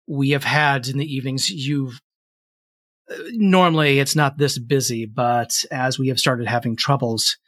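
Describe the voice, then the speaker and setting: Brisk guard captain woman for a tabletop game, clipped orders, dry close sound, a man reading her lines. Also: medium pitch, steady tone, a bit bright, no room sound.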